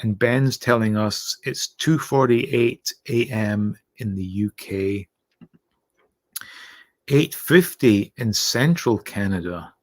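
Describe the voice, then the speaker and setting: A man from Scotland, his accent worn softer by years living in North America, runs a late-night livestream with a lowish voice. Reading viewer comments, he rambles and halts, restarts sentences, leans on "uh," and thanks his viewers.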